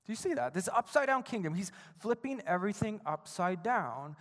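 A man preaches an earnest sermon in a fairly high voice and often doubles back on his own words. His voice rings out into a long, echoing hall. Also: sing-song, a little fast, a bit bright. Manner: earnest, repeats words as he speaks, frequent "right?". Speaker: pastor. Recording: reverberant hall.

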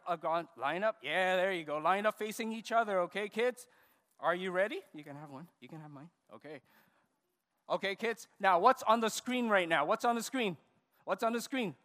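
Pastor guy talking to kids at church, high voice, lots of echo, keeps coaxing them along. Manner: animated, coaxing instructions to kids. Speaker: pastor leading a children's service. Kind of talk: children's sermon with puppet skit. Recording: reverberant church hall.

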